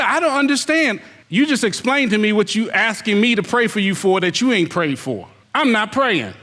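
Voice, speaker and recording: High-voiced preacher in a reverberant hall. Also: male voice, pushed and bright. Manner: preaching, calls out the congregation, mimics excuses in whiny voices. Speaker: pastor. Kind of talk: sermon.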